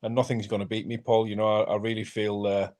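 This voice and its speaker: A man's voice: lowish voice, level tone, quick pace, darkish tone. A man, a fighter who is a guest on a live chat, talking in an intense, fired-up and sweary way. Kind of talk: casual live-stream chat.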